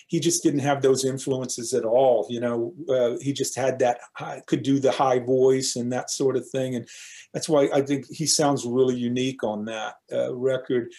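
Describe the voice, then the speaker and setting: A man's voice: medium pitch, little pitch movement, moderate pace, dark tone. A man in his fifties, a guest musician, talking casually and rambling with lots of filler phrases. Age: 50s. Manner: rambling, leans on 'you know' fillers. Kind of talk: casual interview chat.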